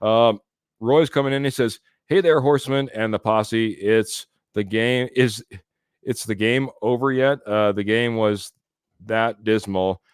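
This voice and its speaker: Chatty man with a smooth low voice. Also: steady tone, unhurried, no room sound, studio quality. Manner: chatty, laughs often, reads comments aloud. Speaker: podcast host. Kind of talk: live sports podcast chat, reading viewer comments.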